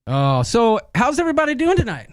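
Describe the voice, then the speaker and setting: A man's voice: very high-pitched, wildly swooping pitch, a little fast, clean tone. A man co-hosting a casual live-stream chat in a jokey, chatty way. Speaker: co-host.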